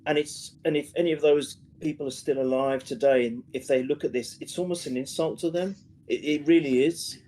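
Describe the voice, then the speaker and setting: A British man co-hosting a live review stream, speaking slowly and earnestly with halting restarts. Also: fairly high pitch, fairly even intonation, dark tone, low-quality recording. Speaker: co-host.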